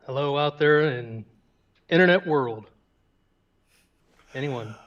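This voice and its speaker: A man's voice: on the high side, lively intonation, takes it slowly, a bit bright, lo-fi sound. A man appearing as a podcast guest who tells stories in a laid-back, rambling way and uses military radio talk. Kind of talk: casual conversational storytelling.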